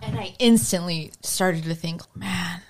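A woman with a slightly low voice hosts a relaxed podcast conversation. She tells personal stories candidly, with frank swearing, and brings the retold voices to life. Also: unhurried. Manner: candid, profane, animated storytelling. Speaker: podcast host. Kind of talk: casual podcast chat.

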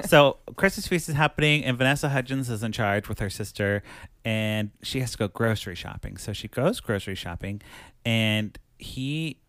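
A man co-hosting a podcast, casually recapping a movie with animated retelling and quick character voices. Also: medium pitch, no echo. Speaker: podcast co-host.

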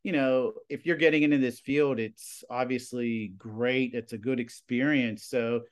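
A man in his forties, a high school TV production teacher, telling stories in a casual interview with lots of fillers. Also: steady tone, measured pace. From Pennsylvania. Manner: rambling, filler-heavy storytelling with lots of "you know" and "like".

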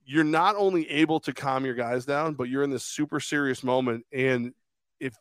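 A man's voice: mid-range voice, moderate pace, clear, resonant tone, no echo. A man co-hosting a podcast in casual chat, rambling and crude as he tells stories and acts out quotes. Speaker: podcast co-host.

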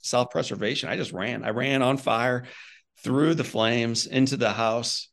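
A man from Missouri, a guest and author, telling his own story in an earnest, animated way and often saying "man". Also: mid-range voice, unhurried, vocal fry. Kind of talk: conversational storytelling.

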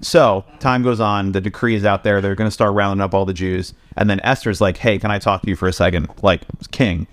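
Low-voiced man telling a story, profane. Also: fairly even intonation, a little hiss or hum. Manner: loose, profane retelling with quick quoted voices. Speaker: podcast co-host. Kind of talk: casual storytelling among friends.

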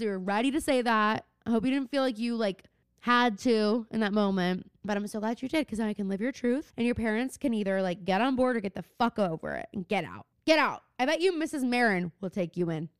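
Chatty young woman, smooth high voice. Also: expressive, fairly quick, no echo, studio quality. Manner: chatty, says "like" a lot, gets worked up and swears. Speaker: podcast co-host. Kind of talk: casual recap chat.

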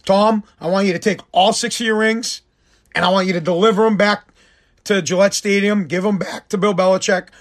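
A man with a fairly high voice rants about football in a heated, profane monologue. He is sarcastic and cuts in hard. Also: fairly even intonation, fairly quick. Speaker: sports commentator. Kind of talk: ranting sports monologue.

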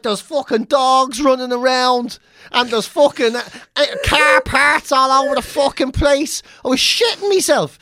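A man's voice: very high voice, measured pace, bright, forceful tone, dry recording, clean studio sound. A man in his forties with a Dublin Irish accent, telling a profane story in casual chat and acting out voices. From Ireland. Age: 40s.

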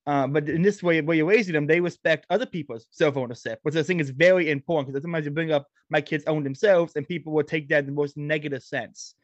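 A man's voice: on the high side, steady tone, fast talker, few pauses, dry recording. A man hosting a conversation, asking a thoughtful question and searching for his words. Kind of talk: interview questions. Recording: dry, dull lo-fi mic.

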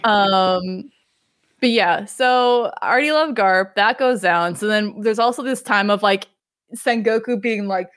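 Woman, podcast co-host, excited, jokey, swears, dry close mic. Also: mid-range voice, moderate pace, no echo. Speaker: podcast co-host leading the discussion. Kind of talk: casual chat.

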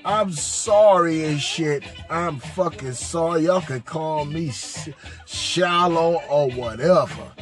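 A man's voice: on the high side, takes it slowly, soft background music. A man hosting a podcast, telling a crude, profane comedic story in a boisterous manner and drawling some words out. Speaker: podcast host.

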